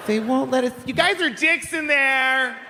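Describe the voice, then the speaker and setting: A man's voice: extremely high pitch, a little slow, sharp tone, a little hiss or hum, voice pushed up, heavily acted. A comedian voicing a frustrated man at a border crossing with an exaggerated put-on Mexican accent, pleading and cursing. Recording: long hall reverb, crowd ambience.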